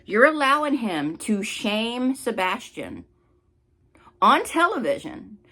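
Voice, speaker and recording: A woman's voice: fairly high pitch, big pitch swings, slow pace, bright, forceful tone. A woman hosting a commentary channel, delivering an angry, scolding rant with blunt swearing.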